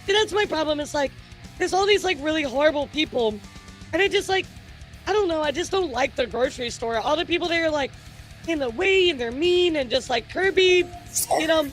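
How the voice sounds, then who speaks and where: A woman streamer telling stories in casual livestream chat, animated and swearing freely. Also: high voice, a little fast, soft background music.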